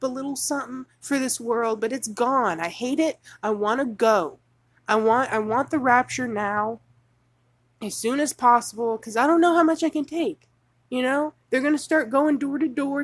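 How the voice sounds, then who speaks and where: A woman's voice: high-pitched, no echo. A woman ranting furiously off the cuff on a livestream, reading news excerpts aloud and mocking them. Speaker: livestream host.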